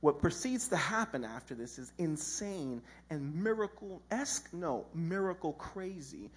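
Lively husky-voiced man preaching casually. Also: fairly high pitch, measured pace. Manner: animated storytelling with slang and acted-out voices. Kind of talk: casual, humorous sermon.

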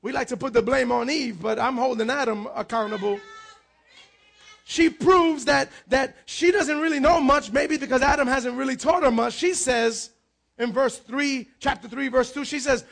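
High-pitched, gravelly pastor preaching loudly. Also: male voice, moderate pace. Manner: energetic preaching with frequent shouts and repeated words. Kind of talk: sermon.

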